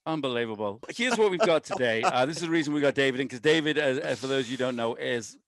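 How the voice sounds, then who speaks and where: A man's voice: mid-range voice, animated, quick pace, a bit bright, dry recording. A man co-hosting a podcast in loose, rambling, self-mocking chat, talking while on painkillers after having his wisdom teeth out. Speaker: podcast co-host, race director.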